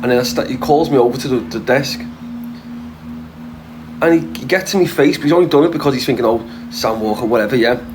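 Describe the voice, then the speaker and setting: A man's voice: a little high, fast talker, pauses often, over music, low-quality recording. A man with a Liverpool accent telling a brash, boastful story, swearing freely and rambling with restarts. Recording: steady background noise.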